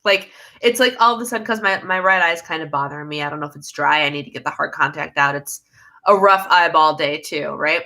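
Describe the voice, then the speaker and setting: Chatty bright-voiced Midwestern woman livestreaming. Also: deep voice, quick pace. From United States. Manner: chatty, rambling, laughs mid-sentence. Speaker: livestream host reading viewer comments. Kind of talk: casual live chat.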